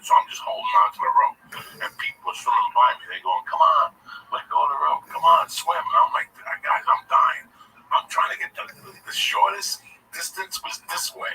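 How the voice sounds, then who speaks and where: A man telling a long personal story in casual, profane speech, often calling his listener by name. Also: medium pitch. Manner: profane, animated, keeps addressing the listener by name. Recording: distant mic with faint background noise.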